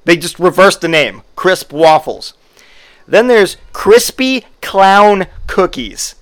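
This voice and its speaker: Podcast host, male, higher-pitched, sarcastic comedic riffing. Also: very animated, slow pace, fairly bright tone. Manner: sarcastic, joking, mock-advertising voices. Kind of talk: casual comedic rant.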